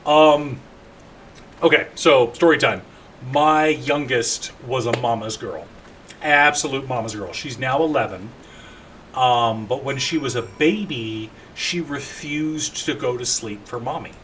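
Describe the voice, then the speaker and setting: A man talking casually on a live stream while he plays a game, chatty and animated. His voice is bright and forceful, and a faint noise hums underneath it. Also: medium pitch. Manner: chatty and animated, quick asides to chat.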